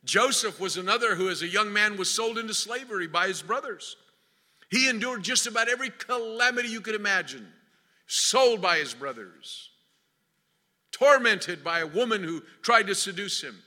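A man preaching a sermon, swinging from loud declaiming to hushed, near-whispered lines. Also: high-pitched, lively intonation, moderate pace. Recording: long reverb of a large hall.

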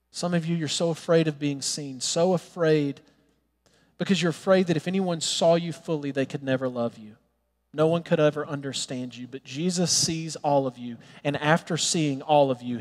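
Casting: male pastor, sermon delivery, fairly high voice, earnest and pleading, long hall reverb. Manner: earnest, pleading, drops to soft tender tones.

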